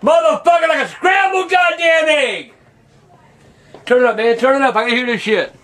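Older grandfather, very high-pitched and sharp-edged, hollering profane rants at the TV; cast him as a nonstop curser. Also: moderate pace, roomy sound. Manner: shouting, cursing. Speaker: grandfather reacting to a televised verdict. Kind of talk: profane angry ranting.

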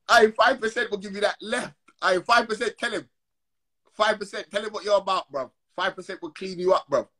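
A man's voice: sits high, fairly quick, bright, forceful tone. A man ranting on a phone livestream, heated and slangy, repeating his call-outs. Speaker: Instagram live streamer. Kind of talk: confrontational live-stream rant.

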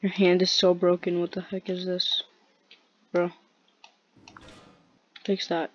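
A woman's voice: fairly low pitch, monotone, slow, long pauses, highs cut off, a little hiss or hum. A woman giving casual gameplay commentary, playful and muttering to herself, now and then chanting silly sounds. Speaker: gameplay video host. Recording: faint keyboard and mouse clicks behind.

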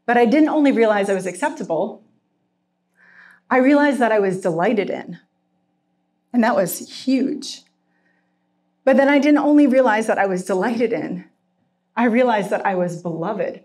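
A middle-aged woman giving a heartfelt sermon with personal testimony, earnest and emotional, slowing down for emphasis and at times tearful. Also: a little high, lively intonation, a little mellow. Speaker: speaker at a Christian retreat.

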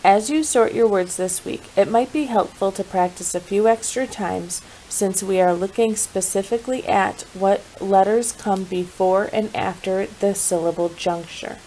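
A woman teaching a spelling lesson, clear, steady and instructive. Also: mid-range voice, a little slow, few pauses, a little hiss or hum, low-quality recording.

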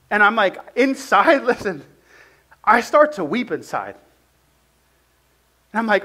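A man's voice: high-pitched, measured pace, pauses often. A man preaching a sermon in a casual, conversational way, telling a personal story and often saying "like". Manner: conversational, heavy use of "like", animated storytelling.

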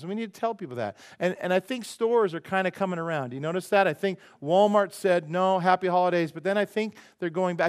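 A male pastor whose voice sits high for a man preaches a sermon at a church service. He talks to the congregation in a chatty way and keeps asking them questions. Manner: chatty, asks the crowd "how many know", preaches then prays softly.

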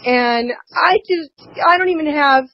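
Crying woman telling her story in an interview, stammery but stubborn, kinda high voice. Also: highs cut off, a little hiss or hum. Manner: halting, repeating words, defiant. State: tearful. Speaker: interview guest. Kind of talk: emotional personal account.

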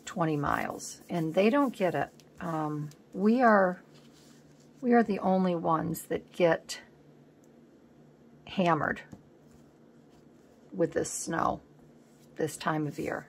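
Gravelly low-voiced woman crafting and chatting. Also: takes it slowly, long pauses, a little hiss or hum. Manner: rambling, thinks aloud while working. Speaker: collage artist host. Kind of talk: casual crafting chat.

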